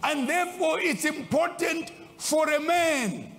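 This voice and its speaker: A man preaching a sermon as a bishop, swinging between loud exclaims and low asides. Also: takes it slowly. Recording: long hall reverb.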